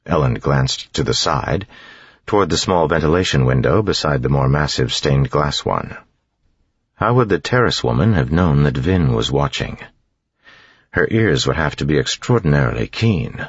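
Male audiobook narrator, very deep voice, husky, steady, dull dry recording. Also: moderate pace, no echo.

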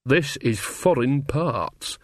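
A man voicing a jolly but bossy old witch woman in a storybook reading, homely and quick to scold. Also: mid-range voice, lively intonation, no echo, clean studio sound. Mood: brisk.

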